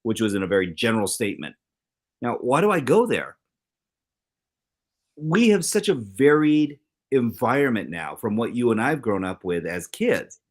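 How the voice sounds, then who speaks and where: A middle-aged man co-hosting a talk show in casual chat, animated, acting out quoted exchanges with big swings in his voice. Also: mid-range voice, normal speed. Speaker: co-host.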